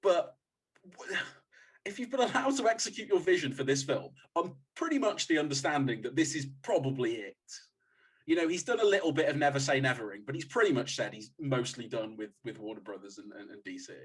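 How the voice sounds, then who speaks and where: A man on a film podcast panel, talking in an animated, exasperated way in casual roundtable chat. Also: mid-range voice, brisk, slightly rough.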